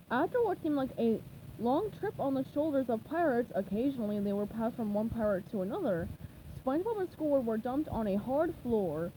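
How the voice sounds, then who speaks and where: A woman reading a children's chapter book aloud in a lively, expressive way. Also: a little high, brisk, a little hiss or hum, rough recording. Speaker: storybook reader.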